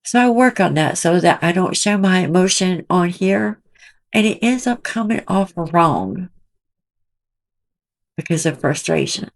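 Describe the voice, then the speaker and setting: Slow, gravelly-voiced woman vlogging indignantly. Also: lowish voice, expressive. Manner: indignant, emotional, rambling. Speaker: commentary channel host. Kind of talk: emotional vlog commentary. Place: small cramped room at home.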